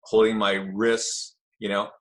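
Middle-aged man, animated storyteller. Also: on the low side, takes it slowly. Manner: animated storyteller, acts out quoted voices. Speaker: guest telling stories of early jiu-jitsu. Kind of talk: casual storytelling.

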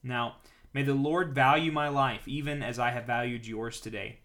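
A man's voice: mid-range voice, steady tone, normal speed, a bit bright, natural voice. A man reading the part of a bold young male warrior, earnest and declaiming in a slightly raised voice.

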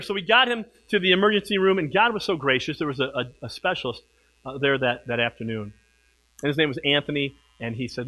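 A middle-aged man preaching a sermon, swinging from hushed, slow passages to loud, emphatic ones. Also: on the high side, poor audio. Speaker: pastor.

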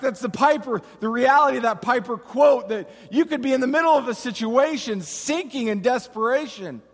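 A male pastor delivers a sermon with a high, lifted voice. He lingers on pauses and rises into impassioned cries. The sound rings out in a reverberant church hall. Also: a bit bright. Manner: preaching with slow dramatic pauses and impassioned cries.

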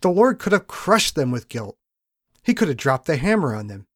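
Lively, expressive male preacher. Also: medium pitch, no room sound, studio quality. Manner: reads scripture slowly, then preaches with rising emphasis. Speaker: pastor. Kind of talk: sermon.

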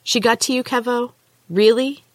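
A woman's voice: lowish voice, expressive, moderate pace, dry recording. Lady reading as a tense defiant young fighter girl, voice jumps up when she's upset, dry close sound. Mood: shocked.

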